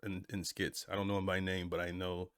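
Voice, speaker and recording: Deep-voiced laid-back man reacting. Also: monotone, fairly quick, fairly bright tone, smooth, dry recording, clean studio sound. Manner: laid-back, rambling, many asides. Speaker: reaction video host. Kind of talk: casual reaction commentary.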